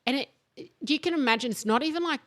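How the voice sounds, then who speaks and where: A woman chatting on a podcast, her voice sitting a little high and sounding close and dry on the mic. She tells stories with lots of energy and jumps into a sharp, scolding voice when she imitates her mum. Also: quick pace, no room sound. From Australia. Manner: animated storytelling, acting out her mum's scolding voice. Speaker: podcast co-host. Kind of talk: casual chat.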